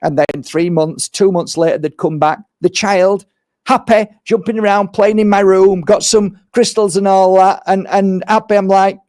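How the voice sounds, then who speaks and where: A man's voice: sits high, normal speed, dry recording, studio quality. A man who works as a crystal healer, talking in a casual monologue and acting out exclamations. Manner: animated, acts out exclamations, swears.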